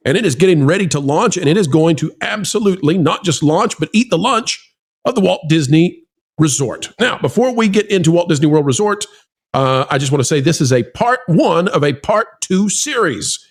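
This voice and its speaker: A man's voice: a little high, animated, normal speed, breathy edge. A male host of a theme park news show, talking in a hyped, salesy way with joking asides to his audience.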